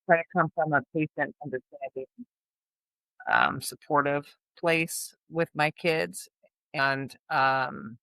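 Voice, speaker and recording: A man speaks slowly and candidly about parenting, pausing often with ums and uhs. His voice is gravelly, with a bright, edgy tone. The sound is close and dry. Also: on the high side, no room sound, poor audio. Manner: measured and candid, with hesitant "uh" and "um" pauses. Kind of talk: reflective conversational chat.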